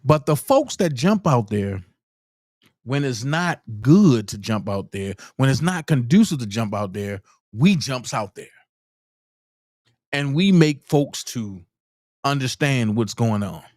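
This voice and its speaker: A man hosting a live commentary stream, giving shout-outs to viewers and then speaking bluntly and heatedly, repeating his points for emphasis. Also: mid-range voice, animated, slow, dry recording, studio quality.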